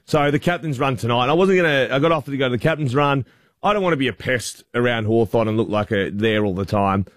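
Male breakfast host, mid-pitched, loose and self-deprecating. Dry studio mic. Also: fast talker, dry recording. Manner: chatty, self-mocking storyteller. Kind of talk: casual on-air banter and storytelling. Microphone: studio microphone.

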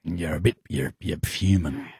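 A man's voice: low-pitched, moderate pace, a little mellow, husky, no echo, studio quality. A man co-hosting a breakfast radio show, teasing his co-host and laughing often.

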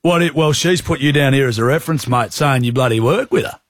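A man's voice: medium pitch, fast talker, dry recording, natural voice. A man playing a blunt, blokey country stock agent on a prank phone call, with a broad rural Australian accent. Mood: gruff. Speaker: prank caller.

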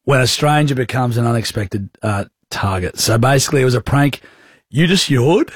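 An Australian man hosting a radio show, telling stories in animated, laughing banter from the studio. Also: medium pitch, normal speed, husky, no echo. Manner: animated storyteller, laughs often. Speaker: radio host.

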